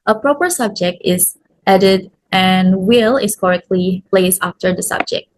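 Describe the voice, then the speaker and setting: A young woman with an Indonesian accent reads through a class presentation, moving steadily from one point to the next. Her voice carries a gravelly, fry-tinged texture at a middling pitch. Small fillers break up her careful delivery. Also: unhurried, low-quality recording. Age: young adult. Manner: methodical, list-like reading with fillers. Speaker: student presenter. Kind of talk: reading a class assignment.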